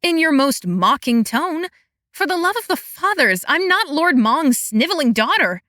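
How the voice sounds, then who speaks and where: A woman's voice: high-pitched, very animated, unhurried, a bit bright, no echo, clean studio sound, pitched above the performer's own voice, full character voice. A woman reading an audiobook voices a flustered, hot-tempered young woman mage who speaks in a breathless, exasperated way.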